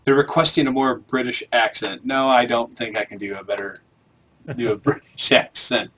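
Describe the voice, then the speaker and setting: A man's voice: mid-range voice, fairly even intonation, normal speed, highs cut off. Jokey man chatting over gameplay. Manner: jokey, reads quest text aloud. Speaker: livestream host playing a game. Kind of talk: casual chat over gameplay.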